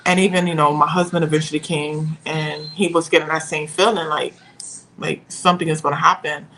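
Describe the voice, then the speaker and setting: A young woman telling a painful personal story as a podcast guest, pausing and searching for her words. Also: deep voice, flat delivery, a bit bright, a little hiss or hum, rough recording.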